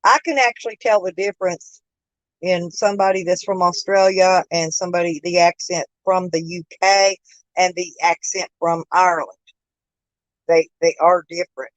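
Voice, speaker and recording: A woman with a lowish, steady voice and a moderate pace hosts a casual live chat stream, often laughing and naming her viewers. The phone recording has no echo but is low quality.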